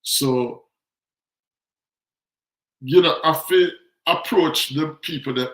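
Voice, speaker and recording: A man's voice: fairly high pitch, slow pace, pauses often, a bit bright. A Jamaican man hosting a casual talk show, chatting and telling stories about life back home, acting out the people in them. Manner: chatty, storytelling, acts out quotes. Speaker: show host. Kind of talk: casual commentary monologue. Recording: roomy echo.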